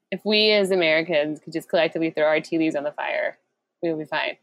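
A woman co-hosting a podcast reads out trivia in casual chat, cracking jokes and giggling. Her voice is deep, and the poor audio carries slight background noise.

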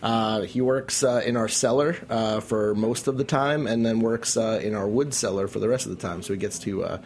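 A man from a brewery, chatting in a relaxed, trailing way as a studio guest. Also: lowish voice, moderate pace. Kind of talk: casual studio chat.

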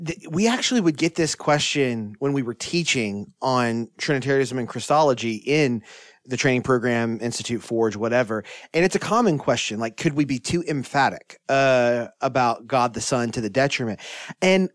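A man's voice: medium pitch, lively intonation, moderate pace, no room sound, clean studio sound. Earnest man explaining theology. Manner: earnest and explanatory, reads scripture aloud. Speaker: theology teacher. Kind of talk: podcast discussion.

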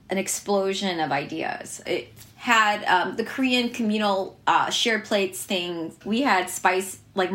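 A woman's voice: medium pitch, fairly bright tone. An American woman chef telling her story in an interview, chatty and full of fillers and restarts, laughing now and then. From United States.

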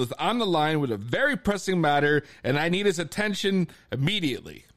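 High, excitable ranting man. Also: fairly quick, hardly any pauses. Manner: agitated, ranting. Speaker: podcast co-host. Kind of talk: comedic podcast banter.

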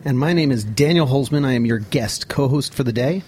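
A man in his late thirties, a chef guest co-hosting a radio show, joking in a dry, deadpan way. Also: mid-range voice, brisk, husky. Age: 30s. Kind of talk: casual radio chat. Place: radio studio.

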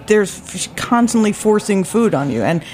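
A woman's voice: mid-range voice, very animated, normal speed, a little mellow. A woman, a guest author, chatting and telling stories, laughing often. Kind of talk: casual chat, storytelling.

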